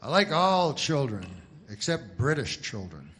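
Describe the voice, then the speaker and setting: A man doing rambling stand-up comedy in a deadpan, meandering way. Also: mid-range voice. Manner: deadpan, meandering, slow-burn.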